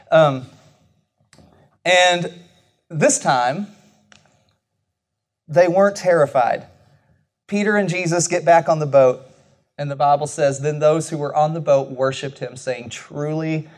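Guy preaching, chatty and joking at himself, voice sits a bit high. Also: a little mellow. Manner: casual and self-deprecating, with many restarts and asides. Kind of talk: conversational sermon.

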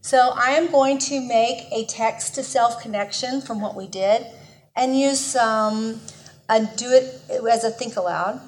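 Woman, Bible study teacher, a bit high-pitched, earnest, conversational, emphatic in personal stories. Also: a little slow. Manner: earnest, conversational, often restarts mid-sentence.

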